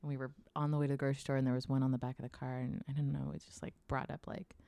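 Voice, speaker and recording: Low-voiced woman telling a candid story. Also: flat delivery, very fast, vocal fry, warm tone, no room sound. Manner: candid, laughing storyteller, swears freely, acts out quotes. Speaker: podcast guest sharing a personal story. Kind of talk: casual chat.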